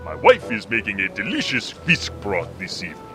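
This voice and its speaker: A man voicing a huge, jovial, muscular fisherman giant in a comedy audio drama, speaking in a booming, formal, stilted way. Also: huge pitch swings, fairly quick. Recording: music in the background.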